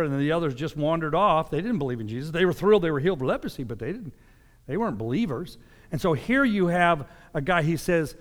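Man, pastor, conversational sermon, reads verses then explains, long echo of a hall. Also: on the high side.

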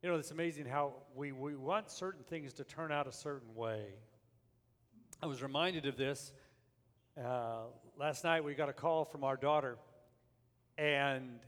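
An older man preaching a sermon, telling a family story and then building up to forceful preaching. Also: mid-range voice, fairly even intonation, measured pace, big-room sound. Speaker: pastor.

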